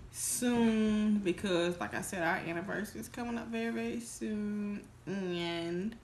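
This medium-pitched mukbang vlogger speaks in an unhurried way, her voice echoing in the room over slight background noise. Her storytime is casual and wandering, packed with restarts and fillers, and emotionally earnest.

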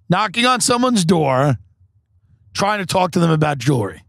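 A man hosting a podcast, rambling through a comedic mock sales pitch with many restarts. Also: big pitch swings, normal speed, vocal fry, fairly bright tone, breathy edge, no echo, clean studio sound. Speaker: podcast host.

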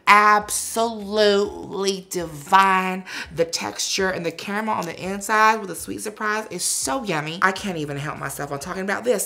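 A man's voice: high voice, creaky, sharp tone, full character voice. A man performing a bubbly, sassy woman who hosts a holiday cooking show, cheerful and campy, calling the viewers "y'all".

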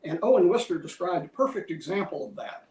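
A man giving a museum lecture in a measured, scholarly way, citing many quotations. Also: sits high, lively intonation, a little mellow. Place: lecture hall. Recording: roomy hall, from a distance.

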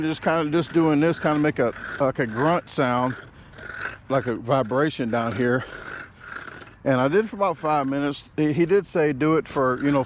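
A man's voice: medium pitch, background noise. A man hosting a casual outdoor vlog, rambling and joking with lots of fillers, recorded on an action camera in the woods. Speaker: vlogger.

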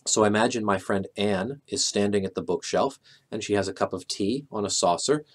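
A middle-aged man calmly and methodically explaining a memory technique, walking through his own examples step by step. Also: fairly low pitch, fairly quick. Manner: calm, methodical, a few filler "uh"s.

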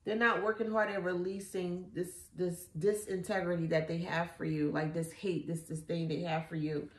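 A woman's voice: on the low side, level tone, moderate pace. Blunt, cussing woman reading tarot. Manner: blunt, profane, mocking, laughs often. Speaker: tarot reader. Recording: echoey room.

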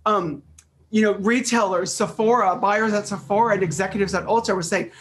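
A middle-aged man chatting as an interview guest, animated and storytelling, often repeating phrases, heard over a video call. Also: high-pitched, fairly quick, a little hiss or hum. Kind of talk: casual interview chat.

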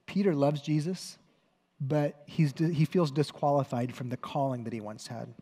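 A man's voice: mid-range voice, fairly even intonation, normal speed, mellow, breathy edge. A man preaching a sermon as pastor, telling a story conversationally with self-corrections and wry humor. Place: church hall. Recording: long hall reverb.

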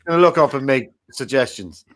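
A man with a mid-range, expressive voice speaks briskly and a bit brightly, sounding close to everyday. He plays a jovial, rambling game-show host who has died and now runs a comic improvised quiz in heaven. His mood is chummy, full of rambling, self-mocking banter.

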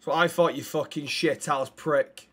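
Loud, cheeky man streaming. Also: fairly high pitch, steady tone, normal speed. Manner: loud, cheeky, swears a lot. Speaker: streamer playing a police officer. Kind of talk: role-play banter with chat shout-outs.

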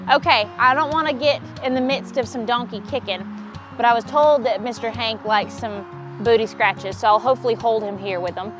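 On her donkey farm, a woman vlogs casually from a pasture, gushing and laughing a lot. Her slightly high voice keeps a fairly even intonation at a normal pace, and the roomy recording has guitar music behind it.

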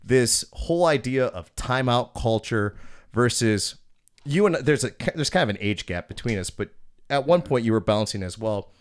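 A man's voice: medium pitch, expressive, normal speed, smooth, dry recording. A man in his thirties hosting a podcast, telling a bouncer story in a blunt, profane, casual way.

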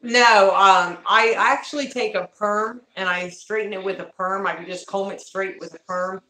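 A woman's voice: medium pitch, steady tone, normal speed, bright, forceful tone, roomy sound. A woman chatting casually on a livestream, greeting viewers by name and talking to her pets at home.

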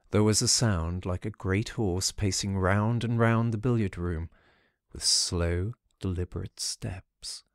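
A man narrating a first-person ghost story audiobook in a measured storytelling manner. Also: sits low, steady tone, no echo, clean studio sound.

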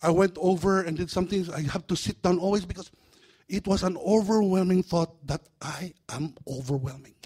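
Pastor guy preaching, funny and animated, kinda high voice. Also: normal speed, breathy edge. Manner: animated, humorous, acts out voices. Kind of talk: sermon. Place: church.

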